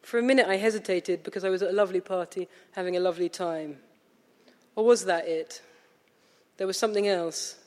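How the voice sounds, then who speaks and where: A woman with a posh English accent delivers a prepared lecture as a novelist, measured and wry. Her voice carries the long reverb of a lecture hall. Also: fairly low pitch, a little mellow. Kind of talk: prepared lecture read aloud.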